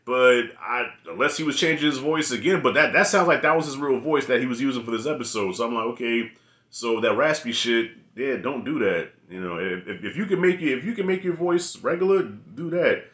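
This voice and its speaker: A man's voice: medium pitch, expressive, quick pace, hardly any pauses, a bit bright, reverberant. A man giving a casual spoken review of a TV episode, loose and rambling, with slangy, profane talk. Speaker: video reviewer.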